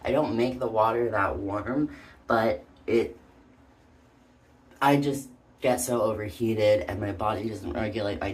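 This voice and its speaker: In a casual personal vlog, someone with a low-sitting voice talks hesitantly and out of breath, peppering their speech with "um" and "like." A faint hiss or hum sits under the recording.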